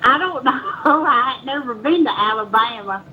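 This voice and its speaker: A woman's voice: a little high, animated, normal speed, phone-quality sound, slight background noise. A woman from Louisiana with a Southern US accent, calling in to a stream in a hesitant drawl. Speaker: caller.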